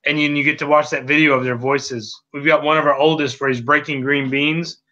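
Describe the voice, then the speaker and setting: A man's voice: a little high, level tone, a little fast, pushed and bright. A man from Texas, a father and interview guest, chatting in a friendly, storytelling way over a video call. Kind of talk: casual interview conversation. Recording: dull lo-fi call audio.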